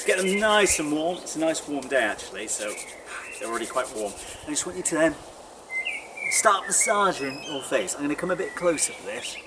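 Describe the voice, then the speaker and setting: A young man leading a guided vocal warm-up, chatty and encouraging. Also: a little high, big pitch swings, brisk. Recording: distant mic with audible noise.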